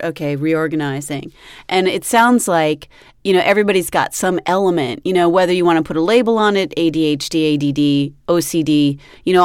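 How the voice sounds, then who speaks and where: A woman's voice: deep voice, smooth, no room sound, studio quality. A woman hosting an interview, conversational and reflective, affirming her guest. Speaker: interview host. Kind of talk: casual interview chat.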